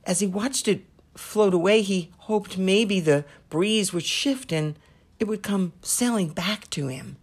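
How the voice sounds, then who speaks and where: A woman telling a devotional story in a slow, deliberate way, pausing between her phrases. Her voice sits at an ordinary middle pitch. She is a host drawing a lesson from the tale. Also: breathy edge.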